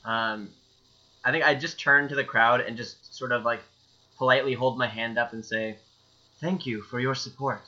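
A man playing a tabletop game, making dry jokes as he describes his monk. His voice is sharp and very bright. The recording sounds dull. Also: medium pitch, steady tone, normal speed. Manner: dry joking. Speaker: player. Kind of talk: casual tabletop play.

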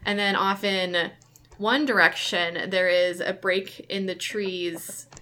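A woman's voice: mid-range voice, fairly even intonation, slow, sharp tone, a little hiss or hum. A woman narrating a tabletop game as game master, rambling with many likes.

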